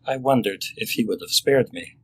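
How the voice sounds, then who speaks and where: An older man, a family doctor, reading his own story aloud in a measured, sober and reflective way. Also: on the low side, a little hiss or hum, poor audio.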